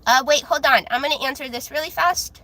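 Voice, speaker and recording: A woman with a high, childlike voice reads tarot on a live stream. She talks in loose, casual chat that is full of fillers and restarts. Her tone stays bright and sharp throughout. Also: fairly quick, poor audio.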